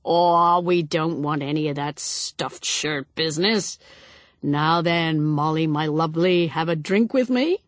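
A woman's voice: sits low, measured pace, dry recording. A woman voicing a tipsy, overfamiliar middle-aged man who drawls jovially. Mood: coaxing.

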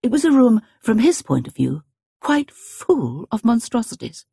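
A woman narrating an audiobook in a measured, expressive, wry manner. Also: fairly high pitch, creaky, slightly rough, no room sound, studio quality.

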